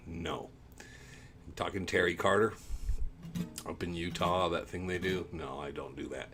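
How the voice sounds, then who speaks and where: A man hosting a casual livestream, reading viewer comments in a rambling, easygoing way, a bit low on energy from the heat. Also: unhurried, vocal fry, fairly bright tone, slight background noise. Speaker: livestream host.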